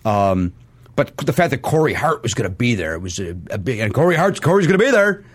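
A man in a podcast interview tells a long story with a lively, swooping voice, full of restarts and self-mocking asides. The sound is close and dry, with no room around it. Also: fairly low pitch, fairly quick, slightly rough, no room sound. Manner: animated, self-deprecating, many restarts and fillers. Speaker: guest. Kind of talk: casual storytelling.

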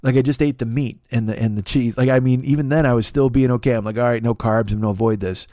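A man's voice: mid-range voice, fairly even intonation, fast talker, mellow, no echo, clean studio sound. A man hosting a podcast who talks through a long confessional monologue, swearing often and rambling with many restarts and self-deprecating asides. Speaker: podcast host.

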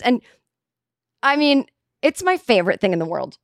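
A woman's voice: medium pitch, lively intonation, moderate pace, no room sound, studio quality. A woman hosting a comedic solo podcast, talking candidly and self-mockingly, with casual swearing. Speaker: podcast host.

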